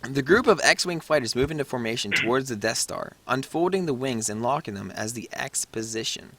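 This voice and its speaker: A man's voice: medium pitch, lively intonation, a bit bright, a little hiss or hum. A man reading the stage directions aloud in a casual script read-through, stumbling over words now and then. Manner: reads haltingly, stumbles on words.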